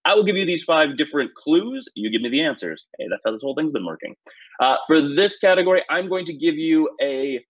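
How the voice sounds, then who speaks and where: A man hosting a trivia quiz in a relaxed, self-deprecating way, with many "uh"s and "um"s, on a dull, dry, lo-fi recording. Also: on the high side, a little fast, no echo. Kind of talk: casual quiz-show hosting.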